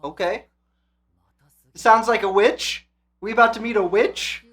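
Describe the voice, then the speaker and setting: Hosting an anime reaction channel, a man with a high-sitting voice speaks a little slowly. He's casual and excitable, curses, and alternates between pumped-up shouting and thoughtful quiet.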